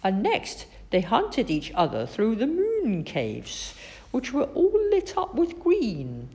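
Slow, sing-song woman reading a story. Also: a little high, wildly swooping pitch, a little mellow. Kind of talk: children's story read-aloud.

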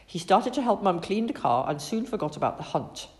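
Expressive low-voiced woman storyteller. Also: brisk, hardly any pauses. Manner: expressive, animated reading. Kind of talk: children's story read aloud.

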